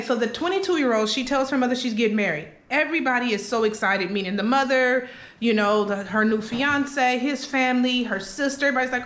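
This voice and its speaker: Woman vlogger, higher voice, casual storytelling, chatty, echoey room. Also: fairly bright tone. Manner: chatty, keeps checking in with listeners. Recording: roomy echo.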